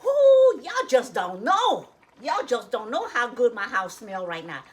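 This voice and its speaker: A woman's voice: fairly high pitch, wildly swooping pitch, measured pace, fairly bright tone, poor audio. A woman with a Louisiana Cajun accent hosting a casual home cooking vlog, chatty and folksy, always telling viewers to look. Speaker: cooking channel host. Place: home kitchen.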